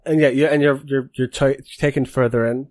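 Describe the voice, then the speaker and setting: A man's voice: mid-range voice, fairly even intonation, fairly quick, darkish tone, no echo. A man narrating a tabletop game as game master, rambling with many fillers.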